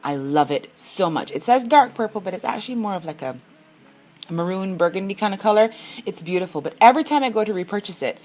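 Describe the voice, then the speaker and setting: A woman's voice: mid-range voice, animated, quick pace, darkish tone, rough recording. A woman narrating her makeup tutorial in a casual, chatty voice-over, gushing over products and correcting herself as she goes.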